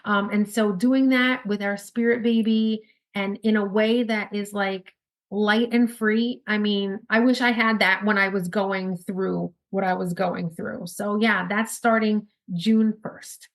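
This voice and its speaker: A woman with a New York accent, a guest in a casual podcast interview, talking quickly and upbeat with frequent laughs. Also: medium pitch, fairly even intonation. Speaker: podcast guest, spirit baby intuitive.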